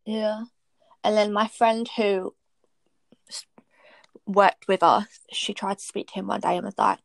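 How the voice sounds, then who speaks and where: Young woman, gravelly voice, dry close sound, blunt candid storytelling. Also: mid-range voice, steady tone, unhurried, pauses often, no echo. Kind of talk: casual chat.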